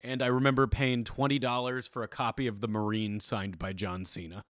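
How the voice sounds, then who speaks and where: A young man co-hosting a casual chat podcast, jokey and quick to laugh. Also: medium pitch, level tone, fairly bright tone, dry recording, studio quality. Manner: jokey, does mock impressions, laughs often. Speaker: podcast co-host.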